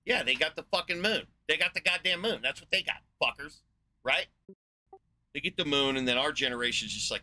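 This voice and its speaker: A man's voice: on the high side, lively intonation, fairly quick, bright, forceful tone. A man in his forties from the United States, ranting in a sarcastic, profane monologue as a podcast host. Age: 40s.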